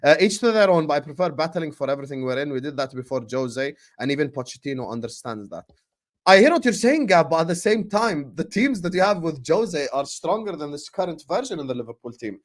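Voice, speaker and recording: A man's voice: a little high, very animated, brisk. A man hosting a casual football chat, teasing his co-host, laughing often and swearing casually. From Jordan. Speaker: podcast host.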